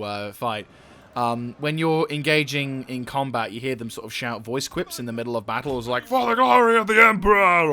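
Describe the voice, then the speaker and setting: A young gaming channel host with a mid-range voice gives let's-play commentary. He excitedly barks orders at his troops, swears, and rambles on about the game.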